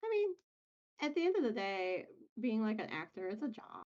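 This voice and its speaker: A woman joining a podcast chat as a guest, easygoing and quick to giggle. Her voice sits a little high, and it comes through a dull, lo-fi remote line. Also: big pitch swings, a little mellow. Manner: easygoing and giggly, short agreeing replies. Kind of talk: casual chat.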